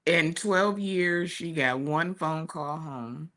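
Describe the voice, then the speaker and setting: A woman's voice: low voice, takes it slowly. A woman in her forties on a talk show, telling a family story in a casual, chatty way. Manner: chatty, warm storytelling with laughs and asides. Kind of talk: casual chat. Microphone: streaming studio mic.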